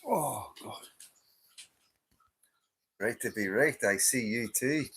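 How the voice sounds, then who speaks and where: A man's voice: mid-range voice, lively intonation, takes it slowly, a bit bright, breathy edge, no echo. A tired Northern Irish man in his fifties hosting a casual live stream, chatting, laughing and greeting viewers by name. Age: 50s. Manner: chatty, swears, laughs often, reads out names. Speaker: livestream host.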